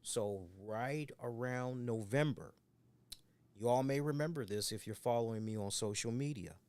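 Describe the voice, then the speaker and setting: A man's voice: medium pitch, normal speed, darkish tone, smooth. A man co-hosting a casual podcast chat, rambling and swearing as he acts out the voices of people he quotes. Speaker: co-host.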